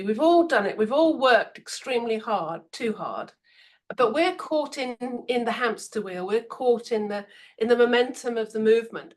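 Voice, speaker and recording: Lively woman telling workplace stories. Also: a little high. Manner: lively storyteller, acts out quotes, frequent laughs. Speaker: podcast guest expert on management. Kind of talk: conversational advice with anecdotes.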